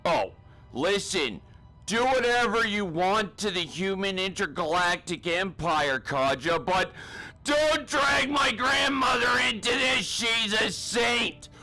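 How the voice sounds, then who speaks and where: A man's voice: high-pitched, expressive, takes it slowly, bright, forceful tone, faint music behind, heavily acted, low-quality recording. A man playing a timid, whiny recruit in a comedy spoof, stammering and pleading nervously.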